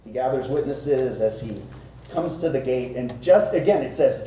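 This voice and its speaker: A man preaching a sermon to a congregation, conversational and animated, often asking the room rhetorical questions. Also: medium pitch, moderate pace, a little hiss or hum. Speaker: pastor. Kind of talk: expository sermon. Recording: very echoey room, speaker distant from mic.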